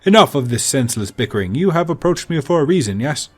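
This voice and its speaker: A man voicing a huge, jovial man with a grand, slow and theatrical way of talking. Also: a little high, very animated. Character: huge jovial man, booming, amused by insults.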